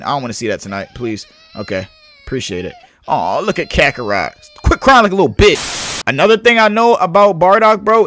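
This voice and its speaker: A young adult man giving casual let's-play commentary, slangy and excitable, hyping and yelling at the game as he plays. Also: high voice. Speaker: gaming YouTuber.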